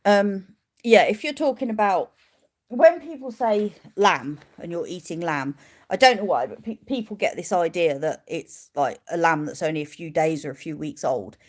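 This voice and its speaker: A woman with a fairly low voice talks at a normal speed. Keeping sheep, she hosts a laid-back livestream where she answers questions from viewers and coos at her animals.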